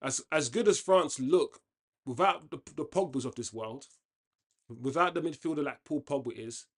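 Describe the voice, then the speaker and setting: A man's voice: mid-range voice, moderate pace, breathy edge. A man hosting a football watchalong, talking casually and giving opinionated commentary with frequent restarts. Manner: chatty, opinionated, often restarts sentences. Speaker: watchalong host.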